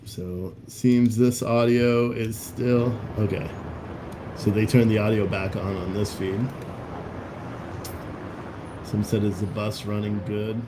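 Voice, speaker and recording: A man's voice: lowish voice, fairly even intonation, slow pace, pauses often, background noise. Blunt rambling man hosting a livestream. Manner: rambling, blunt, profane, with restarts. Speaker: livestream host. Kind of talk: casual livestream commentary reading chat.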